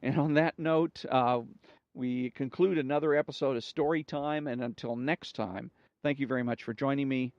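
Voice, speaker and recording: A man's voice: mid-range voice, fairly even intonation, normal speed, no echo. Man reading jokes aloud on a lo-fi podcast. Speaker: host of a story podcast.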